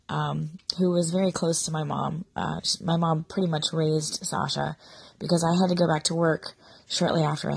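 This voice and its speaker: A woman speaks in a low, flat, husky voice with gravelly fry, sounding sick and short of breath. She talks sadly and haltingly as a mother confiding a personal story. The recording is close and dry. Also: no room sound. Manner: sad, confiding, halting with fillers. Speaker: podcaster, mother. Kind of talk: personal monologue.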